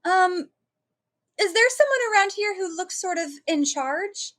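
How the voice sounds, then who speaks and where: A woman's voice: very high voice, animated, a little slow, a bit bright. A woman playing in a tabletop game, speaking tentatively and asking questions. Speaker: player. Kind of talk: casual tabletop play.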